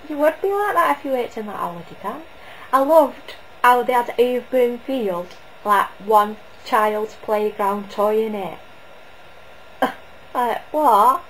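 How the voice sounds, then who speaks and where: A woman's voice: on the high side, slight background noise, low-quality recording. Rambling woman reviewing an old show. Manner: rambling, hesitant, with frequent restarts. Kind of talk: casual spoken review.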